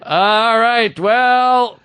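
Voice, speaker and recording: A man's voice: very high voice, extremely slow, pushed and bright, clear, resonant tone, no room sound. A man co-hosting a podcast in casual chat, a crude, joking storyteller who acts out what other people said. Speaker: podcast co-host. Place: podcast studio.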